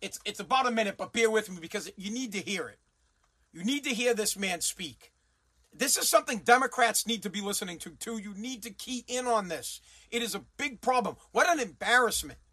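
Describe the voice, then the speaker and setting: A man's voice: sits high, expressive, a little fast, bright, forceful tone, breathy edge. A man hosting a commentary show, ranting bluntly and sarcastically and swearing freely.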